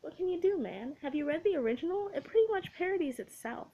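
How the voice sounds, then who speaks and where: A woman's voice: very high-pitched, lively intonation, fast, lo-fi sound, pitched above the performer's own voice. A woman voicing a blunt, foul-mouthed young woman roommate who mocks her friend. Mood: mocking.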